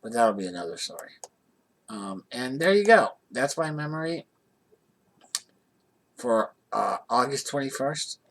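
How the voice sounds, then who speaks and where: A man tells a casual personal story in a rambling way, often restarting his sentences. His voice sits at an ordinary mid pitch. He comes across as an easygoing vlogger. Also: sing-song, measured pace, long pauses. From Johnstown area, USA.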